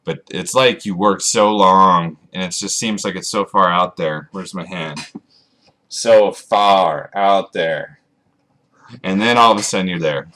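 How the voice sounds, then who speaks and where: A man vlogging to his camera, rambling and joking at himself in a monotone way. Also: low voice. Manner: self-mocking, rambling, jokey asides. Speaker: author vlogger. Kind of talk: rambling casual vlog to camera.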